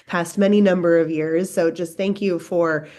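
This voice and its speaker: A woman joins a public meeting remotely as a board member. Her fairly low voice sounds warm and grateful as she gives thanks. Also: fairly even intonation, moderate pace. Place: remote, not in the room.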